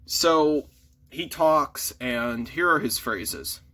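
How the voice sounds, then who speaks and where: A man's voice: medium pitch, drawn-out words, bright, forceful tone. A man casually reviewing a toy figure in an easygoing, mild way, shrugging off small flaws. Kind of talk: casual chat.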